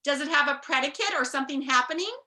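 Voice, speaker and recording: Woman, storybook reader, animated, teacherly, high bright voice. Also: fast talker, echoey room. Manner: animated, teacherly, chatty asides. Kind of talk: reading a children's book aloud to kids.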